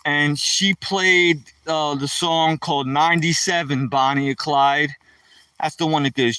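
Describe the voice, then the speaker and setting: A man's voice: on the high side, steady tone, measured pace, pushed and bright, clear, resonant tone, dry recording, recorded from a distance, low-quality recording. A man telling a rambling story to live-stream viewers while walking outdoors in the woods, talking to viewers by name.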